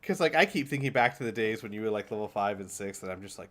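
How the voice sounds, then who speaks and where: A man's voice: fairly low pitch, animated, very fast, a bit bright. A man running a tabletop game as game master, joking and laughing often.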